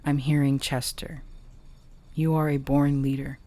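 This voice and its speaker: Slow, low-voiced woman reading tarot. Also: level tone, no echo. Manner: slow, soft, emotional and halting. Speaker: tarot reader and channeler.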